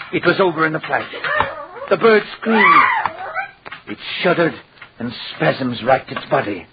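A scheming dollmaker played by a man gives his testimony dramatically, in a slightly high voice. The recording is dull and lo-fi, with clear hiss, as on an old radio broadcast.

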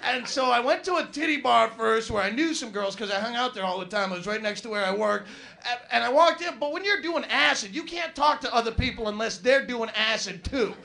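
A man with a very high, gravelly voice performs stand-up, rambling through a profane story. His tone is bright and sharp, and he keeps breaking into shouted bursts. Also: animated, fairly quick. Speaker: stand-up comedian. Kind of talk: stand-up routine.

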